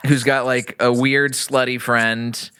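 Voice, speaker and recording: A man from Texas hosts a casual comedy podcast, rambling through a movie recap with an animated, laughing delivery. His voice is bright and forceful, with a smooth, resonant tone. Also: mid-range voice, slow pace. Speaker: podcast host.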